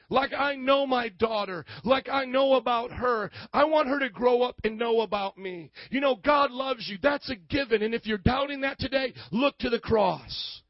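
Male pastor, very high-pitched, preaching with shouts and call-and-response; dry, dull lo-fi sound. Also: no echo. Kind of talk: sermon.

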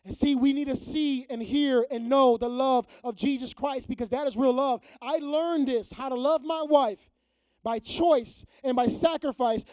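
A man preaching a sermon to a youth group, mixing slangy everyday talk with scripture and dropping to a hushed, prayerful tone. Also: very high-pitched, no echo, rough recording. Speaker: youth pastor.

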